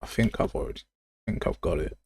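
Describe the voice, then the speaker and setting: A young man streams game development live, talking quickly in a darkish voice. He chats casually with viewers in live coding stream chat, calling them mate and pal.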